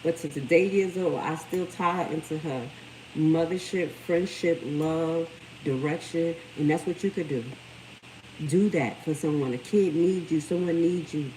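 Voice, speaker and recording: A woman's voice: low-pitched, measured pace, a little hiss or hum, rough recording. A middle-aged woman hosting a livestream, talking casually and animatedly. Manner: animated storytelling, lively quoted voices. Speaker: livestream host.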